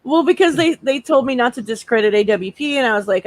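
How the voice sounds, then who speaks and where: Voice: mid-range voice, fast talker. A young adult on a casual livestream panel, telling stories and acting out what people said. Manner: animated storyteller, acts out quotes.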